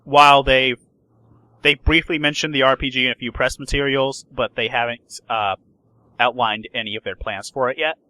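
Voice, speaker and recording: A man's voice: medium pitch, steady tone, normal speed, bright, forceful tone, no room sound, low-quality recording. A man hosting a podcast, chatting casually about game news and often restarting his sentences. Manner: rambling, many restarts and fillers. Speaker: podcast host. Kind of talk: casual gaming news chat.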